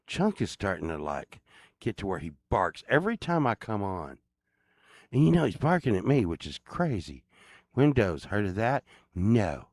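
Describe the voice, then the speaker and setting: A man's voice: on the low side, darkish tone, no room sound. A man hosting his own channel, talking casually to viewers in a rambling, crude, joking way. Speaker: channel host.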